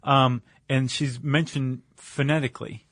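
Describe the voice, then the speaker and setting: A man co-hosting a chatty podcast, rambling along with plenty of "like" and "um." His voice is mid-pitched and sounds very dry and close to the mic. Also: steady tone, unhurried, a bit bright, no echo. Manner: loose, rambling, full of "like" and "um". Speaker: podcast co-host. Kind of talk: casual chat.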